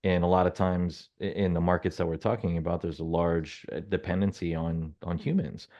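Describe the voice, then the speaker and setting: A man's voice: deep voice, flat delivery, a little fast, darkish tone, dull audio. A man co-hosting a business podcast, chatting casually with self-deprecating humor and lots of fillers. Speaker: podcast co-host.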